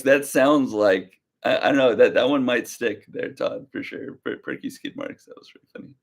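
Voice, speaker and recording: A young man hosting a casual livestream, talking slowly and easily with a slight drawl, rambling as he reads viewer comments aloud. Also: mid-range voice, very animated, gravelly. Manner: slow, easygoing drawl. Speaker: livestream reseller host.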